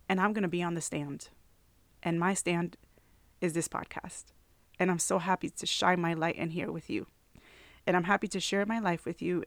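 A woman's voice: lowish voice, dry recording. A woman hosting a faith podcast, talking earnestly and from the heart to her listeners, with frequent "you know" fillers. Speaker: podcast host.

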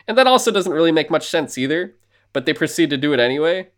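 A man's voice: fairly high pitch, lively intonation, fast, a bit bright. A man co-hosting a podcast who recaps a movie in casual, rambling chat, swearing freely and acting out the characters' lines. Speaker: podcast co-host.

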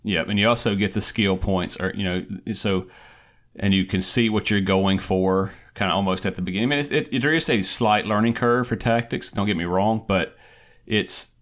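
A man co-hosting a casual gaming podcast, talking in an unhurried way and thinking out loud. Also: on the low side. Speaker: podcast co-host. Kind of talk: casual chat.

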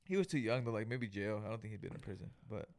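A man's voice: fairly low pitch, animated, fast talker, a little mellow, no room sound, clean studio sound. A young man, co-hosting a podcast and telling a story in a casual, profane way, acting out the people in it. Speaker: podcast co-host.

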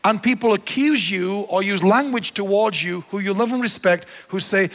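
High-voiced man preaching in a big hall. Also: moderate pace. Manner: animated preacher, mixing quiet low asides with raised emphatic lines. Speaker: pastor. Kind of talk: sermon. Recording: long hall reverb.

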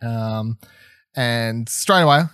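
A man's voice: medium pitch, slow pace, fairly bright tone, clear, resonant tone, no echo. A young man co-hosting a podcast, talking casually with an eager, rambling energy that's full of fillers and false starts. His voice sits right in the middle range. The sound is dry and close, with no room around it. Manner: enthusiastic, rambling, lots of fillers and restarts. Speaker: podcast co-host reviewing a TV episode. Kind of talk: casual chat.

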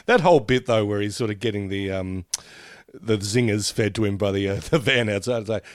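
A man's voice: on the low side, normal speed, clear, resonant tone, dry recording, clean studio sound. A man co-hosting a podcast, joking and laughing his way through trivia questions. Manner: animated, jokey, laughs often. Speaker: podcast co-host. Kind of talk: casual chat, trivia quiz.

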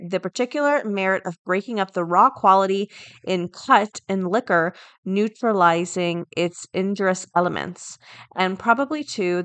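A woman hosting a daily podcast, chatting casually and reading an article aloud, thinking out loud as she goes. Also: medium pitch, dry recording. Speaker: podcast host.

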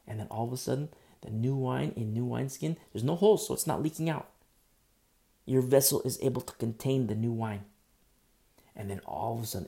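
A man preaching an earnest, animated sermon, speaking through a sore throat. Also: mid-range voice, fairly quick, creaky, pauses often. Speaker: pastor.

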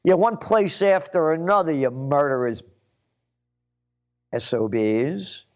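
A man from the Bronx, New York, with a fairly high voice speaks slowly and very animatedly in a sarcastic, indignant solo commentary. He reads aloud and adds emphatic asides, and the lo-fi recording sounds muffled.

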